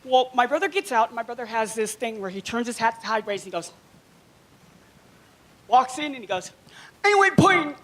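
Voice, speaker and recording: Doing her first stand-up set at a small comedy club, a woman with a fairly high-pitched voice speaks briskly but leaves long pauses. She's animated and keeps giggling through her jokes.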